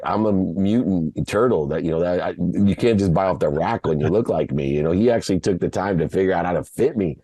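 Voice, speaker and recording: A man from Ohio, a podcast guest, telling a personal story in an emotional, halting way, often repeating words. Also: low-pitched, warm tone, no echo. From Ohio, USA.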